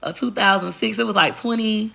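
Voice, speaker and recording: A woman's voice: mid-range voice, brisk, vocal fry, pushed and bright. A woman vlogger telling a personal story in a candid, blunt and profane way. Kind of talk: casual storytelling to camera.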